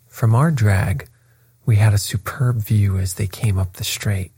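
A man reading a classic detective story aloud as narrator, in a steady, unhurried way. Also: lowish voice, husky, no room sound. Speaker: audiobook reader. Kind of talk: scripted narration.

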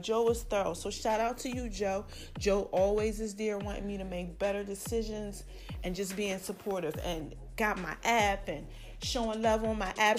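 Woman, forties, slangy and heartfelt, slightly high voice, faint music under her. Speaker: vlogger. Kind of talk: casual shout-outs to family and friends.

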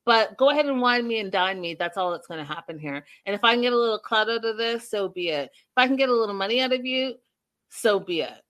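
A woman's voice: fairly high pitch, lively intonation, quick pace, a bit bright. A woman putting on the voice of an aloof young woman who is after money and attention, speaking in a breezy, dismissive way.

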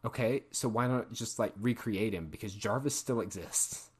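A man's voice: lowish voice, normal speed, slightly rough. A man hosting a casual podcast, skeptically quizzing his co-host and chuckling between points.

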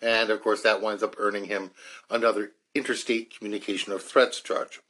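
A man's voice: lowish voice, little pitch movement, brisk, fairly bright tone. Man explaining a court case. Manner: reads from court documents with frequent restarts and fillers. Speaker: podcast host. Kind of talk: explanatory legal commentary.

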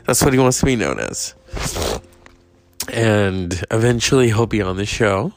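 Male podcast host, gravelly, unhurried, meandering monologue. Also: on the low side, lively intonation. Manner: rambling, meandering, many fillers.

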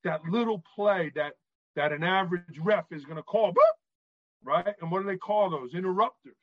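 A man from New York tells animated stories as a podcast guest, often checking in with "right?". His voice sits a bit high. The recording is dry and a little dull. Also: moderate pace, dry recording. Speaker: guest, author and former referee. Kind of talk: storytelling in a podcast interview.

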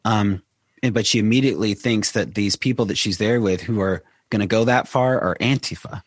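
A low-pitched man talking as a guest in a casual conversation, hesitant and trailing off while he hunts for the right words. The recording is dry and close. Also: brisk, no room sound. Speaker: church member guest.

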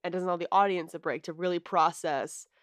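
A woman co-hosting a podcast, chatting casually with plenty of filler words. Her voice sits a bit low for a woman, and the recording is dry and close. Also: steady tone, brisk, no echo. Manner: chatty, lots of "like" and "you know". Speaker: podcast co-host. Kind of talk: casual chat.

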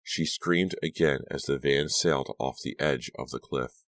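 A man reading a horror novel aloud as an audiobook, in steady, measured storytelling. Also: a bass voice, no echo. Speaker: audiobook narrator. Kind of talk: scripted audiobook narration.

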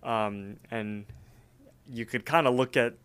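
A man co-hosts a casual podcast and recaps a cartoon episode scene by scene. His voice is smooth and resonant and sits at a middle pitch. He rambles loosely and fills gaps with "like" and "um". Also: slow pace, a bit bright. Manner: rambling, filler-heavy retelling. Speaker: podcast co-host.

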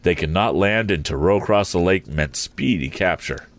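Deep-voiced man narrating an adventure story. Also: no echo. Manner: measured storytelling reading. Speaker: audiobook narrator. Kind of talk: scripted narration.

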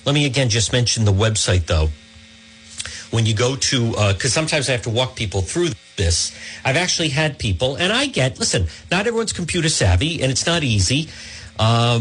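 A man's voice: mid-range voice, a bit bright, husky. A man hosting a talk radio show from a studio, rambling in a chatty way and often calling his listeners "folks.".

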